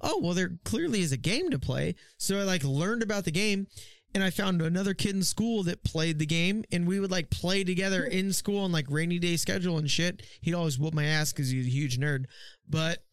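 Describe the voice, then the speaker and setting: A man's voice: high voice, fairly even intonation, brisk, clear, resonant tone, no echo. A man co-hosting a podcast, chatting in a laid-back, profane way about his childhood hobbies. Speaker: podcast co-host. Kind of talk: casual chat.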